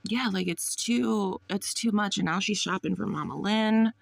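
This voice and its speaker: A woman's voice: medium pitch, normal speed, creaky, no echo. A woman hosting a reaction channel, talking bluntly and mockingly in casual commentary, swearing freely.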